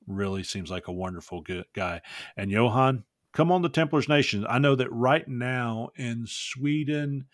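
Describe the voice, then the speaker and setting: A man's voice: mid-range voice, no echo, studio quality. A man hosting a casual podcast chat, joking and rambling as he reads listener mail. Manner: jokey, rambling. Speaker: podcast host.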